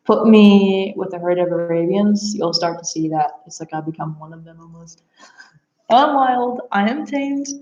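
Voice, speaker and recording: A young woman telling a personal story casually, animated, with frequent laughs and fillers. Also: medium pitch. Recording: echoey room, dull lo-fi sound.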